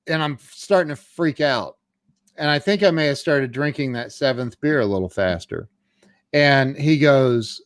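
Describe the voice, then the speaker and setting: A middle-aged man tells his own story as a guest, candid and unpolished. He stammers and restarts often. His voice sits at an ordinary pitch and is recorded close and dry, with no room echo. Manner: halting, with frequent stammered restarts.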